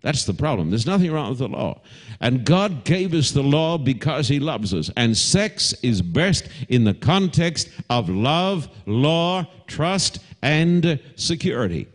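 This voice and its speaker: A middle-aged Australian man preaching a televised sermon to a live congregation as pastor, animated and mixing homely asides and humor into his preaching. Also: a little high, measured pace.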